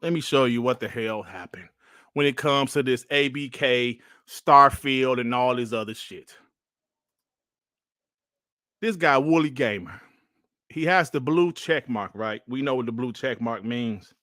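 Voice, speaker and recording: A man hosting a gaming podcast, ranting in an exasperated, animated way on a livestream, repeating himself and sighing between phrases. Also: mid-range voice, measured pace, no echo, clean studio sound. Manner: sighs and coughs between phrases. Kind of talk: livestream commentary and rant.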